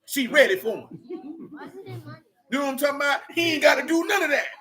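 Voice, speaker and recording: A man's voice: extremely high pitch, expressive, rapid-fire, bright, forceful tone. A man leading a casual Bible study, blunt and slangy as he preaches and rants.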